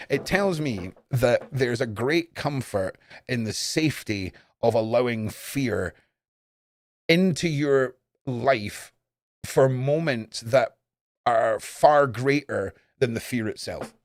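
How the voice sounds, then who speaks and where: A young man chatting casually and profanely on a live stream, jumping between loud outbursts and low mutters. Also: animated, slow pace, no room sound, clean studio sound. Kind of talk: casual rambling stream chat.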